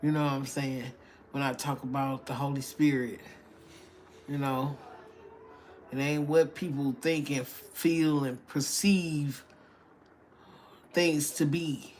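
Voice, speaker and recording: A woman chatting casually, shifting between loud bursts and hushed asides. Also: extremely low pitch, fairly even intonation, slow pace, long pauses, slight background noise. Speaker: tarot reader. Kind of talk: casual chat.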